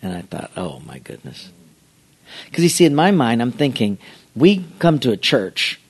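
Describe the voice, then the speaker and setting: A middle-aged male pastor telling a humorous, self-mocking anecdote in an animated storytelling way. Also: medium pitch, normal speed.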